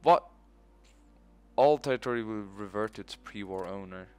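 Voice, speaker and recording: A man's voice: fairly low pitch, normal speed, warm tone, clear, resonant tone. A young man commentating his own strategy game playthrough, rambling and swearing often. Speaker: let's play host. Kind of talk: gaming commentary.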